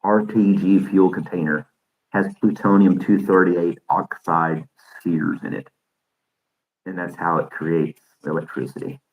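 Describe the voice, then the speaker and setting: A man's voice: low voice, fairly even intonation, a little slow, phone-quality sound. A man hosting his podcast in casual live-stream chat, rambling and chuckling often into a desk microphone. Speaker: podcast host.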